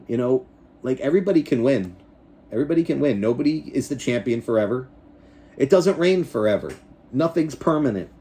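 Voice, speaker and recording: A man in his forties talks straight to camera in a casual vlog, rambling and swearing freely. His pitch swings widely as he gets worked up, and he keeps circling back to the same points with a hyped, excitable energy. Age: 40s. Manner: animated, rambling, profane, hyped. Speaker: YouTuber and backyard wrestling show host.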